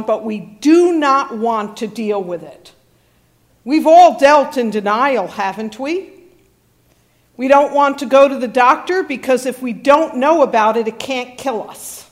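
A woman pastor delivering a sermon in a relaxed, conversational storytelling manner with wry humor. Her voice sits somewhat high for a woman.

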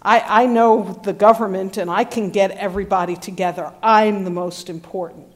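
A woman's voice: mid-range voice, fairly even intonation, normal speed, voice pushed down, close to an everyday voice. A woman preacher voicing a self-important male disciple boasting of his government connections.

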